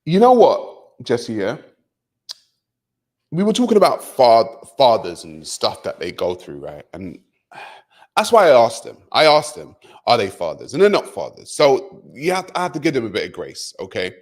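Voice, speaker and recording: A man's voice: medium pitch, huge pitch swings, normal speed. A man hosting a casual podcast chat, earnest with a teasing streak and an emphatic delivery. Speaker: podcast host.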